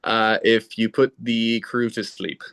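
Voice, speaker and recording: A man's voice: fairly low pitch, little pitch movement, takes it slowly, fairly bright tone, clean tone. A man who is an actor, a guest in a casual podcast chat, speaking wryly and hesitantly with many ums.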